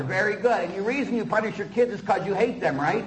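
A man, a priest, preaching a sermon in an animated way, full of rhetorical questions and quick asides. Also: high voice, poor audio. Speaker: Catholic priest.

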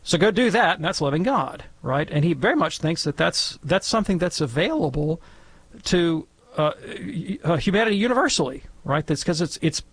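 A man's voice: on the high side, a bit bright. A man speaking as a guest theologian on a call-in radio show, lecturing in an academic, wry way.

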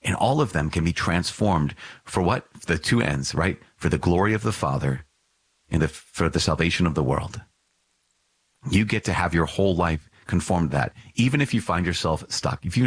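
A man's voice: low voice, normal speed, husky, no room sound. A man, a priest, giving an earnest catechism talk that exhorts his listeners, with playful asides. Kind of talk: podcast catechism teaching.

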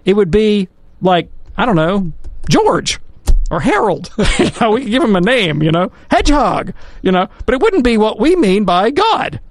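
A man's voice: high-pitched, big pitch swings, moderate pace, no echo. A man answering questions as a theologian on a talk program, chatty and digressive, grew up in Alabama. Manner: chatty, digressive, playful storytelling. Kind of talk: casual radio talk.

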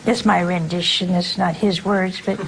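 A woman's voice: fairly low pitch, fairly even intonation, moderate pace, creaky, background noise. An older woman, a nun leading her sisters, giving a conversational religious talk and often asking her listeners rhetorical questions. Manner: chatty, keeps checking in with rhetorical questions.

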